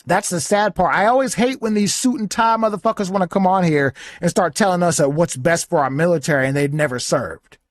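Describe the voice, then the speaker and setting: Blunt, high-voiced man ranting on a podcast. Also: brisk, few pauses, no echo, studio quality. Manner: blunt, profane, indignant. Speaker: podcast host reacting to a clip; soldier. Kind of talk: casual commentary rant.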